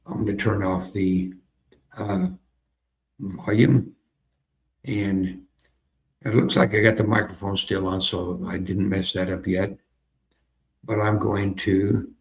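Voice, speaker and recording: Gravelly chatty man demoing software. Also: on the low side. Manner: chatty, repeats phrases, thinks aloud while clicking. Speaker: software demonstrator. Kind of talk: casual screen-recorded tutorial.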